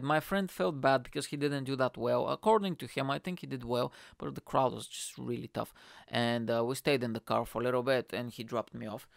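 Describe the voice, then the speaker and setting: Man, gravelly yet smooth voice, dry close sound, rambling casual storytelling, swears a lot. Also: mid-range voice, dry recording. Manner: rambling, profane, animated quotes. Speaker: stand-up comedian.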